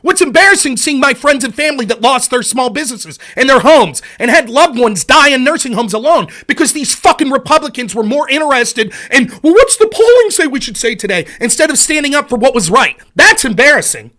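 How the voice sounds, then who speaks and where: A man's voice: very high voice, animated, a little fast, few pauses, sharp tone. A man hosting a political commentary show, ranting in an angry, sarcastic and profane way.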